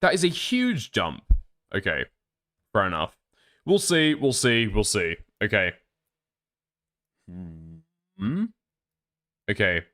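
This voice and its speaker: A man's voice: fairly low pitch, sing-song, slow pace, pauses often, sharp tone. A man doing reaction commentary on a stream, sarcastic and profane, thinking aloud.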